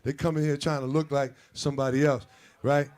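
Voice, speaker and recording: A man hosting a live comedy show, working the crowd loudly and half-singing lines over the music. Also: medium pitch, level tone, brisk. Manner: hype, loud, calls out to the audience. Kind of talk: live stand-up crowd work. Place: comedy club stage before a live audience. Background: hip hop music.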